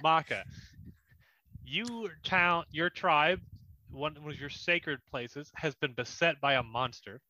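Bright-voiced man narrating as game master. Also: on the high side, takes it slowly, muffled recording. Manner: loose, chatty narration with fillers.

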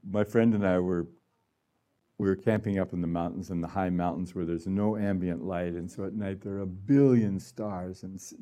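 A man's voice: fairly low pitch, mellow. A man giving a conversational sermon to a gathering, laughing often and acting out little voices. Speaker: healing room director speaking.

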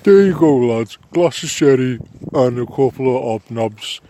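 A man's voice: medium pitch, unhurried, warm tone, a little hiss or hum. A man in improvised comedy banter, chatty and laddish, swearing freely. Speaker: comedy partner playing a local man.

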